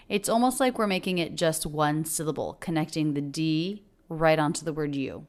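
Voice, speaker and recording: A woman teaching English pronunciation, breaking down phrases and repeating words slowly to model their sounds. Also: low-pitched, darkish tone. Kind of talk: pronunciation lesson.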